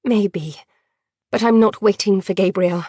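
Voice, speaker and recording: A woman voicing a defiant, stubborn young woman held prisoner, speaking quickly. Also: mid-range voice, warm tone, no echo, studio quality, close to an everyday voice.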